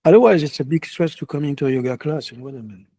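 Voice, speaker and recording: Soft-spoken halting yogi with a mellow voice. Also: male voice, on the high side, no echo. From France. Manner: halting, many restarts and fillers, earnest. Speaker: yoga teacher. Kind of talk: reflective interview answers.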